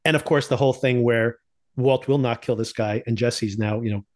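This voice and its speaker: A man with a middle-pitched voice talks through a TV season in loose, casual chat. He laughs often and slips into the characters' lines as he tells the story. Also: normal speed. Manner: animated storyteller, laughs often, acts out quotes. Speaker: podcast host.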